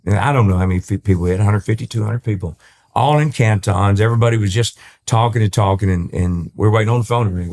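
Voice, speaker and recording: An older man from East Texas, telling stories as a guest on a casual interview podcast and acting out the dialogue as he goes. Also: lowish voice. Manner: animated storyteller who acts out quoted dialogue, with frequent restarts. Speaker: country singer, podcast guest.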